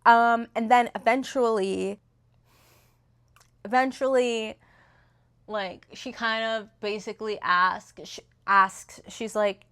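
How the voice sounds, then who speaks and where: A woman's voice: a little high, fairly even intonation, slow pace, long pauses, fairly bright tone, clean tone. A young woman in casual, rambling chat, retelling a novel's plot with lots of fillers and restarts, recorded on a phone. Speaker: book reviewer. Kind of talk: casual book review chat.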